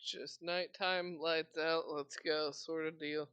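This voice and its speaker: A woman's voice: low voice, level tone, slow pace, fairly bright tone, clean tone. A woman running a tabletop game as game master, narrating expressively and asking players what they do.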